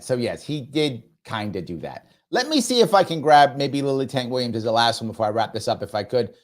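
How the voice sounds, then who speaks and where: A man's voice: medium pitch, very animated, a little fast, hardly any pauses. A man hosting a live stream, chatting casually, reading viewer comments aloud and playfully pleading with his audience. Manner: playful, pleading, repeats himself for effect. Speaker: livestream show host.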